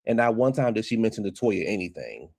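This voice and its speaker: Man, gossipy recap host, deep-ish voice, dry close sound. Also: very animated, quick pace, creaky, darkish tone, no echo. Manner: sassy, gossipy, talks straight to viewers. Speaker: reality show recap host. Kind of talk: casual recap commentary.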